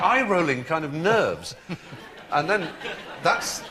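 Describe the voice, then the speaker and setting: A man's voice: on the high side, very animated, a little slow, crowd noise, noisy background. A man as a talk show guest, telling stories in a wry, theatrical way with frequent laughter. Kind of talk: anecdotal chat.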